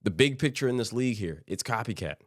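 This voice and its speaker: This solo sports podcast host has a medium-pitched, expressive voice and talks fast. He meanders casually through his points, restarting phrases and mimicking hypothetical teams in throwaway voices. The recording is studio quality, with no room sound.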